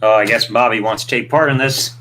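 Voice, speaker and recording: A man's voice: fairly low pitch, fairly even intonation, fairly quick, pushed and bright, a little hiss or hum. A man from Michigan chatting casually and offhandedly as a co-host. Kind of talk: casual chat.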